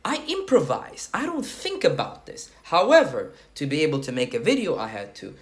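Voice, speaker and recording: With huge pitch swings at normal speed, a man's slightly high voice carries his dating advice. The coach sweats through a casual talking-head piece on approaching women, blunt and crude, tossing in "okay?" as he goes.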